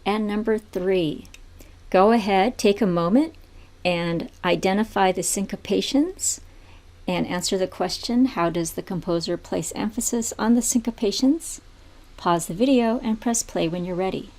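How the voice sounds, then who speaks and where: Speaking at a moderate pace in a medium-pitched voice, a woman teaches music theory in a video lesson. She walks through it calmly, step by step, occasionally singing rhythms out loud.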